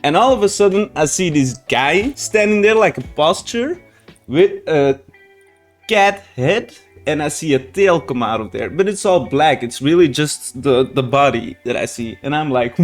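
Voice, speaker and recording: Brief: male reaction vlogger, casual and rambling, curses a lot, voice a bit high, faint guitar music behind. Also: animated, a little slow. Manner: rambling, frequent swearing and restarts. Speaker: reaction channel host. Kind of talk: casual storytelling to viewers.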